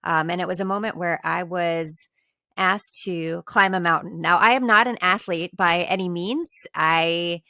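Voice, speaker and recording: A woman's voice: lowish voice, unhurried, pushed and bright, dry recording, studio quality. A woman in her fifties earnestly telling a personal story as a podcast guest, with a self-deprecating touch. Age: 50s. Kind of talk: reflective storytelling.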